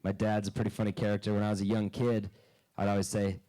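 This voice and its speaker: A man doing a stand-up comedy set on a club stage into a handheld mic, dry and deadpan, breaking into loud character bits. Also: lowish voice, fast, poor audio.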